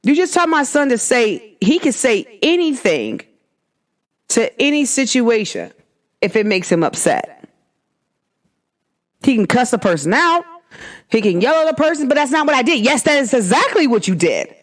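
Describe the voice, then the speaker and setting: A woman's voice: on the high side, big pitch swings, normal speed, long pauses. A woman hosting her own podcast, talking in a casual, emphatic monologue full of rhetorical questions. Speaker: podcast host.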